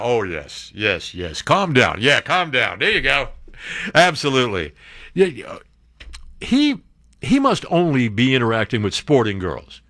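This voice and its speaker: Animated, wisecracking male news commentator. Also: mid-range voice, no room sound. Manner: wisecracking, sarcastic asides, animated outbursts. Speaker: show host. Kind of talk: reading news with running commentary.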